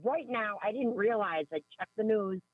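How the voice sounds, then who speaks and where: A woman calling into a radio show, talking in an excitable, giggly way with bursts of exclamations. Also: medium pitch, moderate pace, no room sound. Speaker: caller. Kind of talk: call-in radio chat. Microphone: telephone. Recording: tinny phone line.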